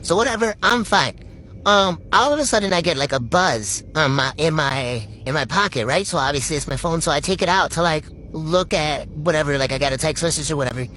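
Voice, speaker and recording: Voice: mid-range voice, expressive, fairly quick, bright, forceful tone, slight background noise. A young adult from Puerto Rico telling a story to camera in a rambling, swearing, filler-heavy way. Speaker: TikTok storyteller. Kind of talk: casual storytime monologue.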